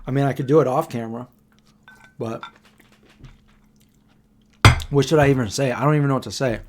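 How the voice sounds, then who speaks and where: A man's voice: medium pitch, fairly even intonation, brisk, a little mellow, slight background noise. A man in his thirties hosting a casual late-night livestream at home, chatting loosely and reading out viewer comments. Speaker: livestream host.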